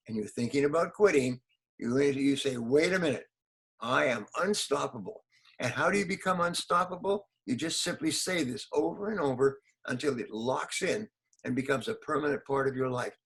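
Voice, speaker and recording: A man's voice: on the high side, vocal fry, fairly bright tone, rough recording. An older man, a motivational speaker, answering interview questions in an emphatic way, repeating key phrases and acting out quotes.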